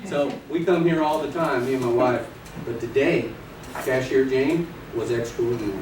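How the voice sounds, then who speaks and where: A man teaching a live class of real estate agents, playful and energetic, acting out little scenes and quizzing the audience. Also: medium pitch, normal speed. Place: training room with an audience. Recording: echoey room, distant mic, noisy.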